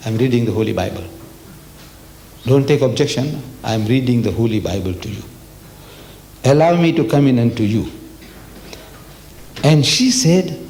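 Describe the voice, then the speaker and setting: An older man from South Africa giving an animated public religious lecture, asking the audience questions and reading passages aloud. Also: mid-range voice, moderate pace, long pauses, a little hiss or hum.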